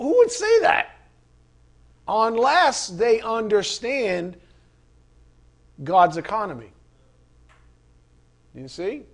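Man, high voice, lively conversational sermon, rhetorical questions. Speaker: pastor.

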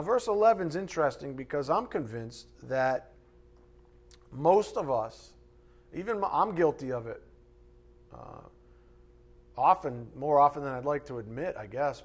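Animated male preacher, fairly high voice. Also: moderate pace. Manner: animated, mimics voices in asides. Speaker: pastor. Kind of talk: sermon. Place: church or teaching room with a board.

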